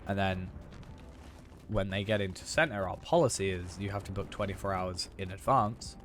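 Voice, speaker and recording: Rambling young man, slightly hoarse. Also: sits low, moderate pace, slight background noise. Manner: rambling, filler-heavy, self-correcting. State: hoarse after losing his voice. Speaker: streamer. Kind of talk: casual chat while gaming.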